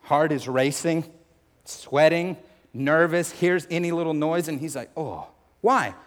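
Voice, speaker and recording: A man preaching a sermon, animated and acting out scenes from scripture as he reads them. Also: fairly high pitch, unhurried. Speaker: pastor. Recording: long hall reverb.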